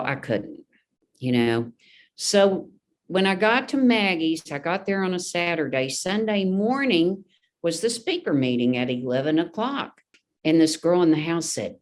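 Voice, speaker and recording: A woman sharing her recovery story in a podcast interview, earnest and openly emotional. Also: on the low side. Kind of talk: personal testimony in a podcast interview.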